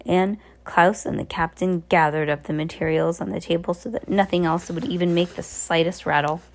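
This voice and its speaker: A woman's voice: on the low side, fairly even intonation, moderate pace. A woman reading a children's novel aloud, with frequent slips and restarts. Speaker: narrator. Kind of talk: amateur audiobook reading.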